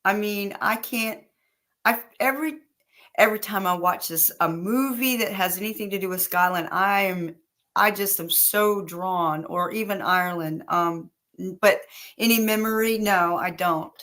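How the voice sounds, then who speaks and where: A woman co-hosting a talk show, answering in a halting, giggly way with frequent restarts. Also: medium pitch, fairly bright tone. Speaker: podcast co-host. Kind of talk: casual chat.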